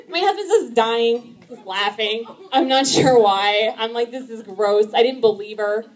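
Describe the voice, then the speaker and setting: A woman in her thirties with a high voice tells stand-up stories from her family life. She chats loosely, fills the pauses with "um", and keeps breaking into laughter at her own punchlines. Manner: chatty, laughs at her own jokes, many "um"s. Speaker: stand-up comedian. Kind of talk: stand-up comedy set. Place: live event in front of an audience.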